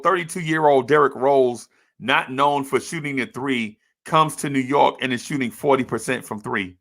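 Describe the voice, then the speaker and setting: A man's voice: medium pitch, normal speed, a bit bright. A man hosting a live stream, giving a passionate, repetitive monologue as a basketball fan. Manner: rhetorical, repetitive, heartfelt. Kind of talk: emotional sports fan monologue.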